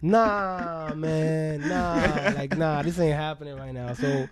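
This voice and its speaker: A man in his forties from the Bronx with a New York accent, a guest DJ telling lively stories in a casual interview and acting out the people in them. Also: a little high, takes it slowly. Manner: animated storyteller, acting out quotes with laughter.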